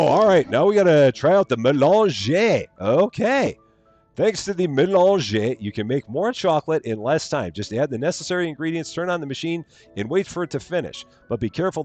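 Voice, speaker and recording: A man's voice: mid-range voice, darkish tone. A man giving chatty, playful live commentary while streaming a game, reading its on-screen text aloud and joking along the way. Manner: chatty, playful, jokey asides.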